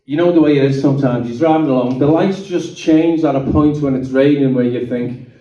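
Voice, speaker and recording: A man's voice: medium pitch, brisk, mellow. A middle-aged man giving a chatty personal testimony to an audience in a meeting hall, often checking in with "okay?" and "right?". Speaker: guest speaker giving a testimony. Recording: roomy hall, distant mic, dull sound.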